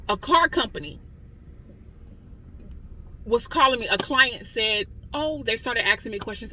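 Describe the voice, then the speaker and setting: A woman's voice: fairly high pitch, unhurried, long pauses, sharp tone, a little hiss or hum, low-quality recording. A woman in her forties giving an impassioned personal testimony, weary and close to tears, talking straight to listeners in a conversational way. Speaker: testimony speaker.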